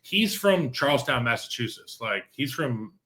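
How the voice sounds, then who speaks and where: A man's voice: medium pitch, lively intonation, moderate pace, sharp tone. A man co-hosting a sports talk show, chatting casually and telling stories over a video call. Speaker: podcast co-host.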